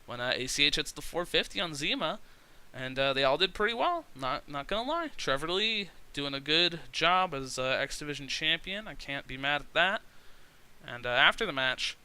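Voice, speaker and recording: A man's voice: a little high, sing-song, moderate pace, pushed and bright, clean tone. A man giving casual, rambling commentary on a wrestling management game, chatty and full of fillers. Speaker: let's play commentator.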